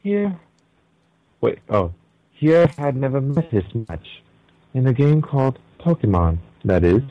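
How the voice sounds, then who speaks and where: A man's voice: medium pitch, sing-song, unhurried, no echo, lo-fi sound. A young man co-hosting a podcast in casual chat, laughing easily and stumbling as he reads aloud. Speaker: podcast co-host.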